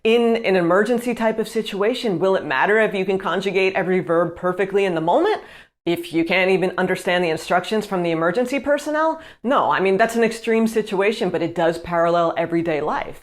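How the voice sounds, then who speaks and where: A woman's voice: mid-range voice, lively intonation, brisk. Emphatic woman giving direct advice. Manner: conversational with fillers like "right?" and "you know". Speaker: vlogger. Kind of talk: casual advice vlog.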